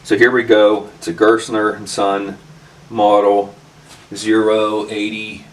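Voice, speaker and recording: A man's voice: fairly low pitch, completely flat delivery, slow pace, recorded from a distance. Rambling man telling a workshop story. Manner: rambling, many fillers and restarts. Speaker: channel host. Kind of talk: casual storytelling vlog.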